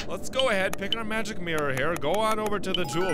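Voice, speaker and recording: A man giving excitable, self-mocking let's play commentary, swearing and reacting to a video game. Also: a little high, fairly quick, few pauses, loud music behind the voice. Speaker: gaming YouTuber.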